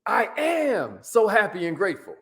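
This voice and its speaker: A man giving an energetic, preachy motivational talk in casual slang, his pitch swinging up and down. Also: moderate pace. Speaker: motivational speaker.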